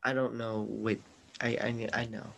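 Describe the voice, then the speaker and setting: A man's voice: fairly low pitch, flat delivery, normal speed, gravelly, a bit bright, slight background noise. A man hosting a casual movie-review podcast over an online call, opinionated and teasing, with mock exasperation. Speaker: podcast host.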